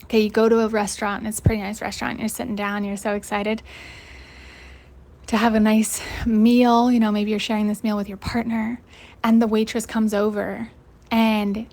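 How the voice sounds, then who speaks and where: A young adult woman hosting a motivational coaching lesson, casual and energetic, swearing freely and laughing often. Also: medium pitch, normal speed. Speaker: host and life coach.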